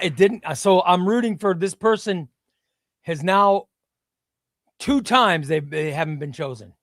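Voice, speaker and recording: Excitable high-voiced man hosting a stream. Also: unhurried, long pauses, no room sound, some chatter behind. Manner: excitable, shouts names then drops to muttering. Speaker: live stream host. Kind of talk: casual live-stream giveaway commentary.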